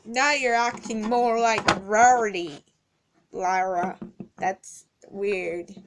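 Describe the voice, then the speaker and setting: A smug pony girl with scissors taunts her victim in a lower, flat, teasing voice, as a woman puts her on for a homemade toy skit. She talks slowly and takes her time. A faint hiss sits behind her.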